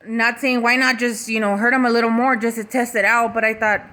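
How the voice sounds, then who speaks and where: A woman's voice: a little high, flat delivery, a little fast, sharp tone. A woman giving a casual, emotional vlog update as a mother, swearing freely and talking straight to her viewers. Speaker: mother and vlogger.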